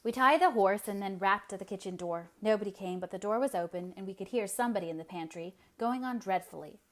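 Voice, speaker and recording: A woman's voice: medium pitch, fast, lightly acted. Storybook: earnest idealistic teen girl, voiced by a woman narrator. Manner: enthusiastic, earnest. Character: earnest idealistic sixteen-year-old girl.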